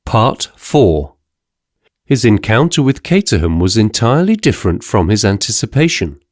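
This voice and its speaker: This is a studio-clean audiobook recording with no room sound, where a man with a low voice tells the story in an even, measured way.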